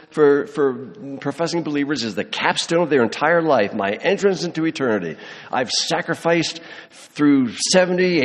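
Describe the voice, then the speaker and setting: A man preaching a sermon, emphatic, slowing on key words and dropping soft at the ends of phrases. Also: a little high, long reverb tail. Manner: emphatic, slows for stress, drops soft at ends. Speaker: pastor.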